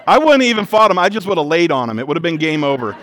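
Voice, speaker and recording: A male pastor delivers a sermon in a notably high voice. He swings between loud, emphatic declarations and hushed intensity. Along the way he slips into casual, self-deprecating stories. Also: sing-song, quick pace, some chatter behind, slight background noise. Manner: conversational storytelling with self-deprecating humor.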